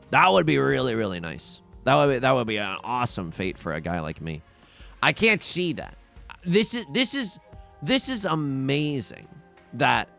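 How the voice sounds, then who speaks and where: A young man casually commentating his own game, dramatic and self-mocking, swinging from hushed mutters to loud outbursts. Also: mid-range voice, gravelly. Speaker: let's play host.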